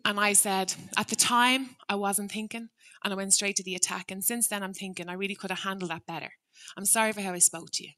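Onstage, a middle-aged former teacher who now trains people in restorative practice shares a prepared story at a quick pace. Her voice is bright, forward, steady and of ordinary pitch, and she reflects earnestly while voicing both people in a dialogue.

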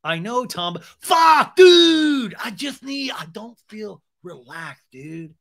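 A man voicing a frazzled young man who pleads, swears and shouts in a childish tantrum. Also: high-pitched, sing-song, slow pace, creaky, pitched above the performer's own voice, full character voice. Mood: pleading.

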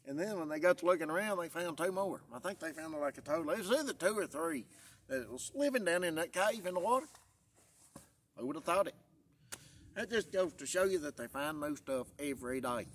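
A man's voice: on the high side, a little fast, breathy edge. A man, chatting in a folksy, rambling way for his vlog while out in the woods, tired after a long day. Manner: folksy, rambling, repeats himself. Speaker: vlogger. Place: outdoors in the woods.

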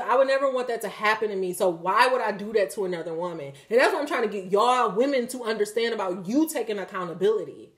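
A woman, speaking in a slightly high voice. She lectures her viewers bluntly and profanely, laughing as she goes. Her delivery keeps jumping between loud and quiet. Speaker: tarot reader and channel host. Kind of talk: candid spoken reading to viewers.

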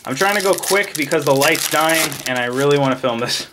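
A man casually opening trading card packs on camera, excitably rattling off card names and cracking jokes. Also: a little high, brisk, noisy background. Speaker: card pack opening vlogger. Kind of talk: casual card unboxing commentary.

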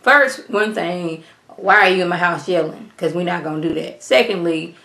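A woman reviewing a reality show in a casual vlog, talking straight to her viewers in an animated way and mimicking the cast now and then. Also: on the low side, moderate pace, gravelly. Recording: roomy echo.

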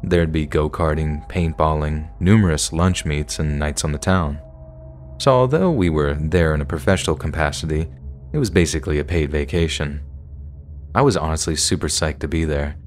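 A man's voice: rumbling low, moderate pace, soft background music. A man narrating a first-person horror story in a casual, conversational way.

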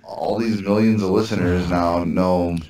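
A man's voice: low voice, steady tone, a little slow, darkish tone, roomy sound. A man co-hosting a podcast, teasing and playing hurt in crude banter. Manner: teasing, mock-offended. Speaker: podcast co-host.

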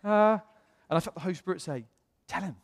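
A man's voice: high-pitched, fast talker, long reverb tail. A British man, a pastor, telling a story in a sermon and acting out the voices of the people he quotes. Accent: British English. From England. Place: church auditorium.

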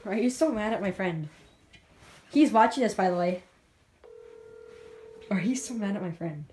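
A woman's voice: mid-range voice, lively intonation, moderate pace, a little mellow, slight background noise. A woman filming a casual vlog, teasing a friend and pressing her with repeated questions.

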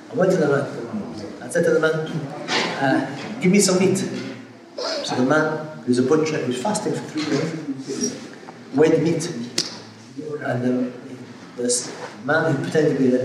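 A man's voice: a little high, noisy background. A man, a sheikh teaching a religious class, telling stories, acting out the quoted voices and using Arabic terms. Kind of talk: religious lesson with storytelling. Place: Islamic centre hall. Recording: echoey hall, far from mic, crowd audible.

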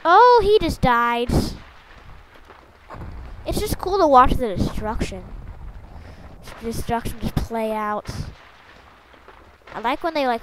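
A woman's voice: a little high, lively intonation, takes it slowly, pauses often, slight background noise, low-quality recording. A woman giving playful, rambling gameplay commentary, making silly sound effects and joking to her viewers as she plays. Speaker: gaming channel host.

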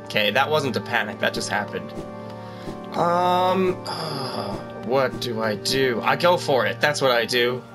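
A man's voice: medium pitch, unhurried, over music. A man hosting a gaming channel, giving jokey let's-play commentary and yelping and exclaiming as he plays. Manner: excitable, jokey, yelps and exclaims while playing.

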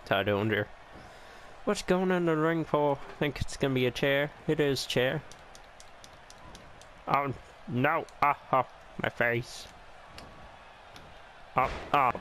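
A man calls a wrestling video game in a casual let's-play, talking slowly and bursting into gasps and swearing as the action turns. He throws in sarcastic jokes between moves. The home recording carries a clear layer of background noise. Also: medium pitch, rough recording. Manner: excitable, reacting with gasps and swearing; joking, sarcastic asides. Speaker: gameplay commentator.

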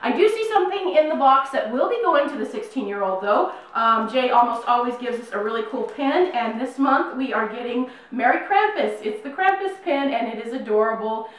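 Speaking a little high and expressively, this YouTube host talks fairly quickly with few pauses. She's a middle-aged woman unboxing horror items in a casual home vlog in New Mexico, full of bubbly gushing and fillers. Her mic is distant, and the room echoes heavily.

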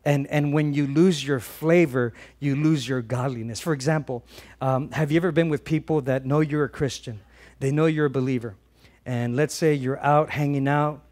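A man preaching a sermon as a pastor, conversational and animated, often repeating words and swinging between loud emphasis and soft asides. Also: mid-range voice, normal speed.

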